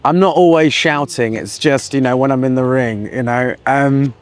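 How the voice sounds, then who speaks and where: A man from the United Kingdom, chatting casually as an interview guest, easygoing and quick to laugh. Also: mid-range voice, clean tone. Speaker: guest, expat business owner.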